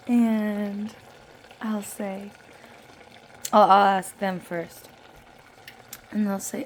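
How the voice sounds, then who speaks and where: A woman's voice: medium pitch, fairly even intonation, drawn-out words, pauses often. A woman vlogging from her home kitchen while baking, chatty and playful, laughing often. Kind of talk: casual kitchen vlog.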